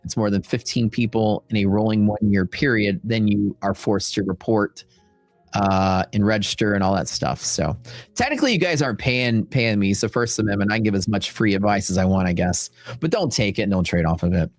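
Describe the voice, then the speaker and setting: Chatty, low-voiced Texan livestream host. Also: male voice, brisk, no echo, soft background music. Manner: rambling, chatty, with frequent fillers and asides. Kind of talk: casual livestream chat.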